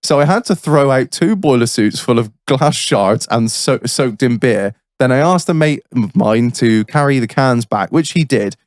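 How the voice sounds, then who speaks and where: A man co-hosting a podcast, chatting crudely, swearing freely and breaking into loud exclamations. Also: medium pitch, animated, moderate pace, hardly any pauses, no echo, clean studio sound. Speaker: podcast co-host. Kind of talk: crude casual banter.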